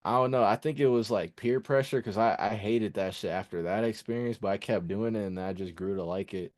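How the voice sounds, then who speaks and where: A young man, a musician guest, telling stories casually in a slangy, animated way. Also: lowish voice, fairly quick. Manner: animated, slangy, acts out voices. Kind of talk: casual storytelling in an interview.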